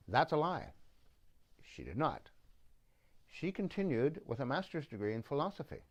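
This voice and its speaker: A man's voice: medium pitch, a little mellow. A man from Canada giving a rambling, sardonic monologue full of digressions. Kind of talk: casual monologue commentary.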